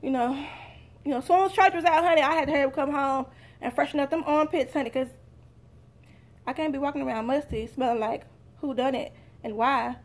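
A woman's voice: sits high, fairly quick, pauses often. A young woman, chatting straight to her viewers in a casual haul vlog. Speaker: vlogger.

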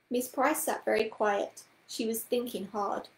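A woman reading a children's book aloud in a gentle, expressive storytelling manner. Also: on the high side, a little slow, roomy sound, low-quality recording.

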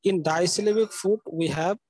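A man with a high, slightly mellow voice delivers a live university lecture at a moderate pace, in a dry, rough recording. He explains step by step, spells words out letter by letter, and keeps checking understanding with "okay?".

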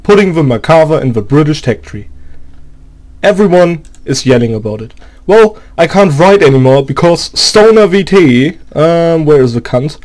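A man's voice: fairly high pitch, lively intonation, normal speed, a little mellow. A man with a German accent, speaking English as a second language, delivers a profane, exasperated, sarcastic rant about a game. He often halts and hunts for English words. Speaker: gaming video creator. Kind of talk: angry gaming rant.

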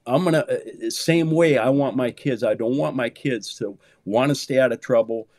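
A man's voice: moderate pace, dry recording. Emphatic pastor in his fifties, dry sound. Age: 50s. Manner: emphatic, swings from low murmurs to loud high exclamations; peppers speech with "man", repeats words for emphasis. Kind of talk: animated conversational preaching.

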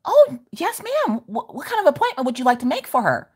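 A gentle, angelic receptionist, as a woman puts her on speaks softly and politely, in the manner of customer service. The voice sits higher than the performer's own and stays quiet and light. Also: huge pitch swings, brisk. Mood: sweet. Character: sweet, soft-spoken young woman receptionist.

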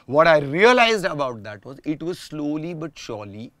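A man's voice: a little high, sing-song, moderate pace, a bit bright, dry recording. A man, talking reflectively and at length as a guest in a casual conversation. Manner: reflective, explains at length with restarts.

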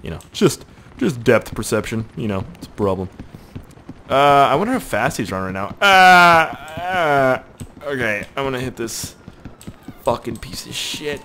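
Excitable swearing gamer man, lively pitch. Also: normal speed, slight background noise. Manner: excitable, swears, laughs, talks to himself. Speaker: let's play gamer. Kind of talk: casual gameplay commentary.

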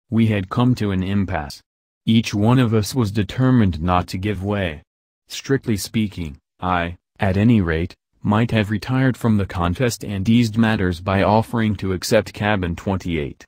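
In scripted audiobook narration, a man whose voice is on the low side tells the story at an even, measured pace, with no room sound in the recording.

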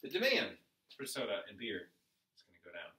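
Animated man teaching in echoey room. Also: on the low side, fairly quick, distant mic. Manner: lively, rhetorical questions, animated emphasis. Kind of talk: economics lecture while drawing graphs.

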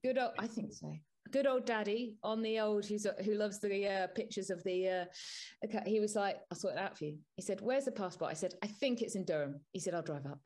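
A woman co-hosting a podcast in casual chat, telling an exasperated story with animated energy. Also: medium pitch, fairly quick. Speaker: podcast co-host.

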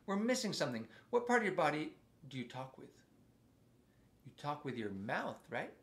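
A man's voice: on the high side, big pitch swings, normal speed. A man leading a playful interactive music lesson for young children, coaxing them to join in with a sing-song delivery.

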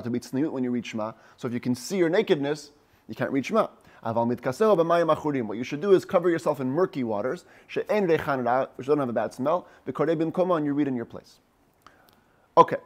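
A man, a rabbi, giving a text study class, reading Hebrew phrases slowly and explaining each one in English. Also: medium pitch.

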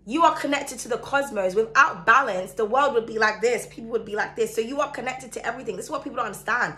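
A woman's voice: fairly high pitch, fast, bright, forceful tone. A woman from the Caribbean giving a chatty, emphatic tarot reading, speaking straight to the viewer. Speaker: tarot reader.

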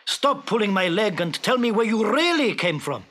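A man voicing a cheeky young fisherman who stays calm and teases. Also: high-pitched, normal speed, heavily acted. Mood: teasing. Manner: calm, teasing, scoffing. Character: cheeky, unflappable little fisherman.

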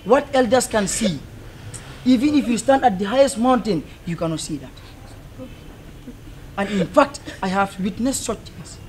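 A man's voice: sits high, animated, normal speed, pauses often, a little mellow. A man playing a moralizing fatherly elder. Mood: reassuring, lecturing. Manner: moralizing, reassuring, repetitive. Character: fatherly elder preaching to parents and youth. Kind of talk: low-budget film drama. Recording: noisy location audio.

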